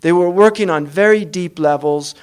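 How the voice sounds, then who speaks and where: Man teaching in a slightly high voice. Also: clean tone. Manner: conversational, switches between rapid Arabic recitation and English explanation. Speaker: Islamic studies teacher. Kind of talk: informal lecture explaining a classical text.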